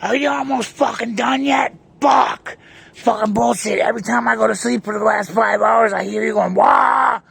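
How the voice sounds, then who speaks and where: A man shouting as a furious neighbor woman. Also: a little high, normal speed, vocal fry, breathy edge, no room sound, voice pushed up, exaggerated voice. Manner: yelling profanities. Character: angry shouting female neighbor, foul-mouthed.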